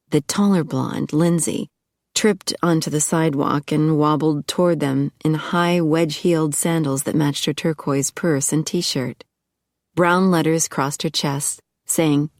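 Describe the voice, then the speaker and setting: A woman reads an audiobook in a low, wry voice. The sound is dry and close, with no room around it. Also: measured pace, a little mellow, no room sound. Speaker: audiobook narrator. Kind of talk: scripted narration.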